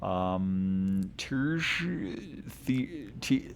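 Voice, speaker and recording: Male game streamer, deep-ish voice, slow, reads lore aloud, trips on names. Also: slight background noise. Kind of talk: casual game-stream commentary.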